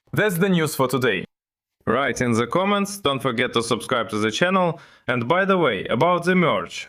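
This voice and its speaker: A man's voice: mid-range voice, a bit bright. A man hosting a casual news commentary channel, delivering updates with wry, sarcastic asides.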